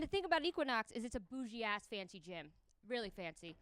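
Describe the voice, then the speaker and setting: A woman's voice: on the high side, big pitch swings, brisk, fairly bright tone, clear, resonant tone, no echo. A young woman doing a crude, brash stand-up comedy set on stage before a live audience. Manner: crude, brash punchlines with big vocal jumps.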